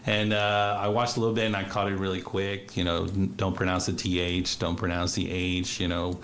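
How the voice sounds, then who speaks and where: Low-voiced man telling set stories. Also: normal speed. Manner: animated anecdotes, frequent laughter. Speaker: actor and casting director, interview guest. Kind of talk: casual storytelling interview. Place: radio studio or streamed call.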